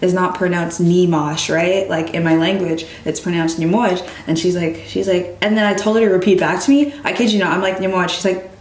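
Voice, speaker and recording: A woman's voice: fairly low pitch, brisk. A young woman vlogger talking casually to her camera, telling stories and acting out what other people said. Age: young adult. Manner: animated, quotes others in lively voices. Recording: echoey room.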